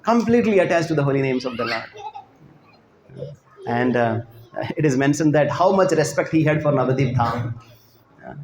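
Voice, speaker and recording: A man's voice: medium pitch, lively intonation, moderate pace, long pauses, reverberant, background noise. A man giving a storytelling devotional talk on a pilgrimage, peppering it with "you know" and "right?" and acting out quotes. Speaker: devotional speaker.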